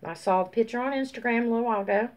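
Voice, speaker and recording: A woman vlogger giving casual, rambling shout-outs to her viewers over a phone, full of ums and folksy warmth. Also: racing. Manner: high sing-song baby talk to her dog. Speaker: YouTube vlogger.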